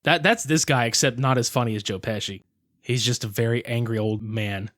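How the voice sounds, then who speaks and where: A man's voice: medium pitch, a little fast, fairly bright tone, dry recording, studio quality. A man co-hosting a podcast, making sarcastic, profane remarks about a cult movie. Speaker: podcast co-host. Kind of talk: casual movie review chat.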